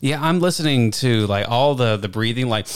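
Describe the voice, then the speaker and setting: A man's voice: medium pitch, animated, moderate pace, smooth. A man who is a podcast guest, chatting in a laid-back way full of "like" fillers, close on a studio microphone. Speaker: guest, cinematographer. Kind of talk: casual conversation.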